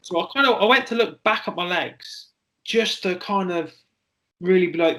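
Forties male interview guest, candid storyteller, slightly high and bright voice. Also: lively intonation, poor audio. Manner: candid, halting, with frequent fillers and swearing. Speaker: interview guest, former soldier.

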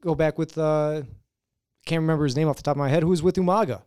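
Clear, higher-voiced man arguing his point. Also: fairly even intonation, quick pace, darkish tone, no room sound, clean studio sound. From Chicago area, USA. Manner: emphatic, argumentative. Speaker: podcast co-host. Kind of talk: casual wrestling chat.

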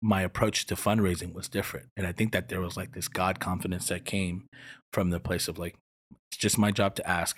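Guest: young man, very deep and husky, earnest and rambling, church planter telling his story. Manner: earnest, rambling with many restarts. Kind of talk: personal storytelling in an interview.

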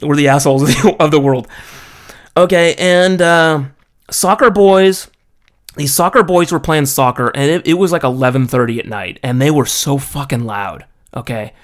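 A man's voice: a little high, normal speed. A man telling a story in a casual, profane rant, often checking in with "okay?" and "you know?". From foreigner living in Japan. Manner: profane, exasperated, peppers talk with "okay?". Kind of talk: casual ranting monologue.

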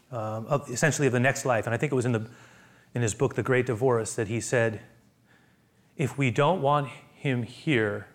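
A man preaching a sermon, repeating himself and acting out the people in the story, swinging from loud exclamations to hushed near-whispers. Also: on the high side. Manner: repeats words and acts out quoted voices. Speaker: pastor.

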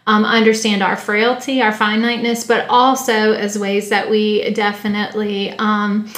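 A woman's voice: mid-range voice, flat delivery, moderate pace, a bit bright. A woman co-hosting a faith podcast, explaining ideas thoughtfully and step by step. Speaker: podcast co-host. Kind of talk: teaching-style discussion. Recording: roomy echo.

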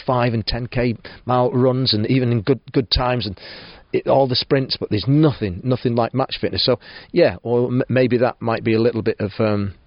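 A man's voice: mid-range voice, steady tone, normal speed, hardly any pauses, no echo, muffled recording. A man managing a football club, giving a post-match interview, full of restarts and fillers. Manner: hesitant, many restarts and fillers.

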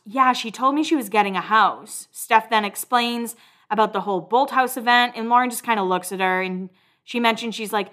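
A woman's voice: a little high, moderate pace, fairly bright tone. A woman hosting a podcast, recapping a reality show in a casual, gossipy way, swearing freely. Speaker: podcast host.

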